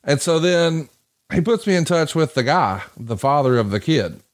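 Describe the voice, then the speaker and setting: A podcast host with a fairly high-pitched voice, speaking at a moderate pace, tells a story in casual chat. He's a profane, animated storyteller who swears plenty and acts out the voices of people he quotes.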